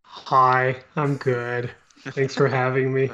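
A man's voice: medium pitch, flat delivery, takes it slowly, bright, forceful tone, muffled recording, a little hiss or hum. A man joining a casual podcast as a guest, easygoing and self-deprecating. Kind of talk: casual chat.

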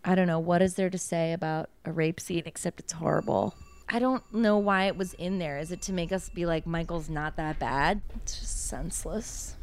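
A woman's voice: fairly low pitch, normal speed, a little hiss or hum. A woman co-hosting a podcast in casual chat; she talks bluntly, swears freely and acts out quoted lines. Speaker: podcast co-host. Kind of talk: casual chat while watching a film.

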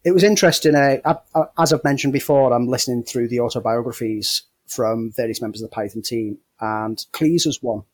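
Male podcast co-host, mid pitch, amused and chuckly, dry close sound. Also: a little fast, few pauses, husky, no room sound. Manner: amused, chuckling, trailing off into laughter. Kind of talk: casual film chat.

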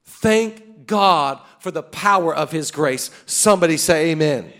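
Man, thirties, preaching, fervent, high-pitched, repeats rallying lines. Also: expressive, measured pace, a bit bright. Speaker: pastor. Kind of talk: sermon.

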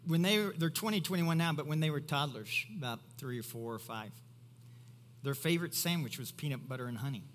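A middle-aged pastor from Kentucky with a Kentucky accent preaching a sermon, swinging from quiet asides to loud, high exclamations. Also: male voice, animated, fairly quick, big-room sound, a little hiss or hum.

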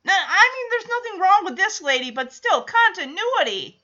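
Woman, high voice, bright tone, chatty TV recap, slightly muffled recording. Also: very animated, moderate pace. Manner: chatty, laughing, acts out characters' lines. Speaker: TV episode recapper. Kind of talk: casual episode recap.

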